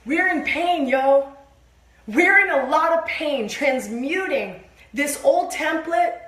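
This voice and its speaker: Animated high-voiced woman preaching. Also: reverberant. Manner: animated, emphatic, swears and acts out exclamations. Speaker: co-host of a spiritual sermon. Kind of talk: livestreamed spiritual sermon, casual and emphatic.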